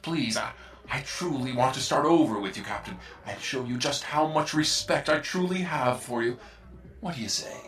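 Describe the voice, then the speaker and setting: A man's voice: medium pitch, animated, moderate pace, a bit bright, recorded from a distance, natural voice. An actor voicing a scheming male computer that fawns falsely over his captain. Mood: fawning. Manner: oily, fawning, sinister.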